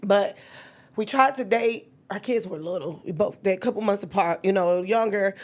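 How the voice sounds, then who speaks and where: Woman, thirties, candid storytelling, animated, acts out dialogue, mid pitch. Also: moderate pace. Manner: animated, acts out quoted dialogue with sudden high-pitched bursts.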